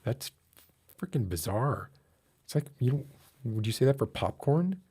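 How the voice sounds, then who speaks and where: A man's voice: medium pitch, very animated, measured pace, warm tone, husky. A man streaming and chatting casually, ranting with mock outrage and laughing at himself. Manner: rants with mock outrage, voice rising when worked up. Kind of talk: casual chat with a live audience.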